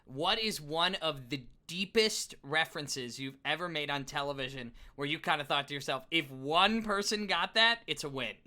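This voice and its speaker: A male podcast host with a very bright, crisp-edged voice. He sits slightly high in pitch and asks earnest, complimentary questions in a casual interview. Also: moderate pace, few pauses.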